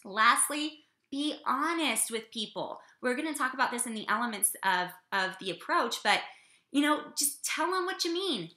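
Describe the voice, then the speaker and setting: A woman giving an energetic business coaching talk to her team, often checking in with "okay?". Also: high-pitched, normal speed. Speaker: business trainer. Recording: echoey room.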